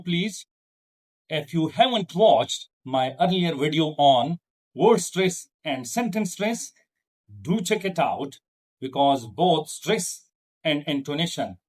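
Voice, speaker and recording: Slow, lively teacher. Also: male voice. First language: Urdu. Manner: slow, deliberate teaching delivery with pitch demonstrations. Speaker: English teacher. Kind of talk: online language lesson.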